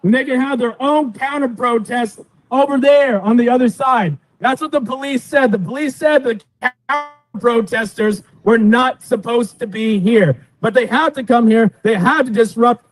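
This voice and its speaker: A man addresses a protest with forceful defiance. His voice is very high for a man, dry, and set back at a distance from the recorder. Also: dry recording. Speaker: protest speaker. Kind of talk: rally speech. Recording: distant outdoor rally recording.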